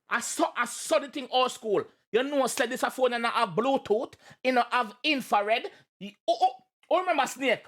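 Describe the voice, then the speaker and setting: A man with a Jamaican accent giving casual, animated reaction commentary, exclaiming and explaining lyrics. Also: very high-pitched, normal speed. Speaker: reaction video host.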